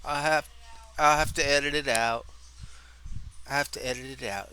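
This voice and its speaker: A middle-aged man hosting a rambling, self-mocking podcast from home, goofy and excitable, laughing at himself. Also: medium pitch, moderate pace, a little hiss or hum. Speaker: podcast host. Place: home room. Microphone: camera mic.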